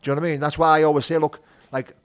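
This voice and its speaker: Racing through his words, a middle-aged Northern English man speaks with a fairly high, level, clear voice and a resonant tone. He's a podcast guest sharing his story openly and conversationally, leaning on "you know" and "do you know what I mean".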